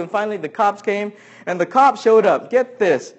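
A man's voice: high voice, animated, moderate pace. A pastor telling a story from his own life during a sermon, acting out what people said and laughing along the way.

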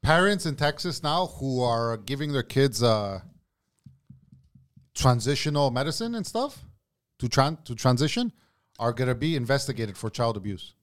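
A man co-hosting a podcast talks in casual banter with a lively, moving pitch. He keeps throwing in jokes and calls everyone "bro". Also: normal speed. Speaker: podcast co-host.

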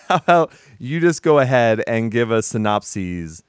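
A man's voice: medium pitch, big pitch swings, unhurried, clean tone, no room sound, clean studio sound. A man hosting a movie podcast in casual chat, rambling and laughing, with some swearing. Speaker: podcast host.

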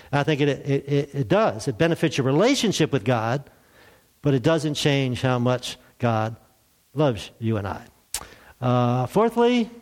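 A man preaching a sermon in a church, in a conversational way, asking rhetorical questions and telling light jokes. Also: on the high side. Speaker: pastor.

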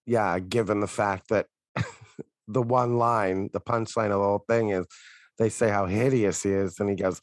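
A man co-hosting a podcast in casual chat, telling stories in a relaxed way and swearing now and then. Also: lowish voice, moderate pace, no echo, clean studio sound. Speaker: podcast co-host.

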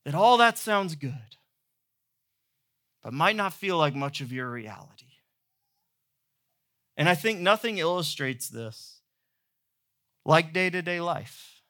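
Bright high-voiced preaching man. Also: very animated, slow pace, pauses often. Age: 30s. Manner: playful storytelling, humorous. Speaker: pastor. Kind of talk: sermon.

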